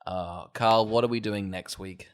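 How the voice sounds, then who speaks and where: A man co-hosting a casual film podcast, talking excitedly and swearing freely, with frequent laughter. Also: fairly low pitch, measured pace. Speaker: podcast co-host. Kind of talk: casual chat.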